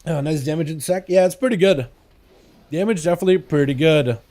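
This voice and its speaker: Mellow-voiced man streaming a game, chatty. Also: on the high side, a little fast. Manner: chatty, lots of "like", greets viewers by name. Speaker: livestream host. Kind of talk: casual live gameplay commentary.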